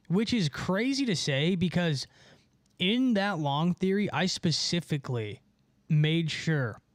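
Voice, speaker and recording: Brief: man hosting a live stream, animated and rambling, slightly high voice, dry close sound. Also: no room sound. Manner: animated, rambling, many fillers and restarts. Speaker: host of a live call-in show. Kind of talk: casual livestream rant reading chat.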